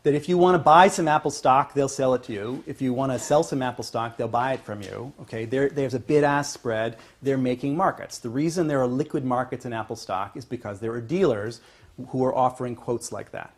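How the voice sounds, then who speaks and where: Male professor, classroom lecture, husky mid-pitch voice, frequent "okay?" check-ins. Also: brisk. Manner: repeats "okay?" as a check-in, restarts phrases often; emphatic, builds to louder points then trails off. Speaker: economics professor. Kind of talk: university lecture.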